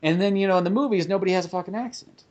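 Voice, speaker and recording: A man's voice: high-pitched, rapid-fire, highs cut off. A man hosting a podcast in casual chat, rambling and swearing freely as he talks. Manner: animated, profane, rambling. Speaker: podcast host.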